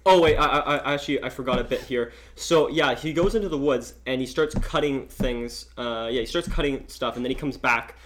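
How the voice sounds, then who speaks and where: A man's voice: medium pitch, brisk, few pauses, a bit bright, a little hiss or hum. A man casually telling a long story, rambling and full of filler words. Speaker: podcast host telling a story.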